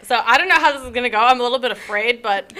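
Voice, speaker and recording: A woman's voice: on the high side, bright, forceful tone. A young woman co-hosting a podcast, chatting casually and laughing often, sometimes reading fan fiction aloud. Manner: giggly, quick to laugh, playful. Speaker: podcast co-host.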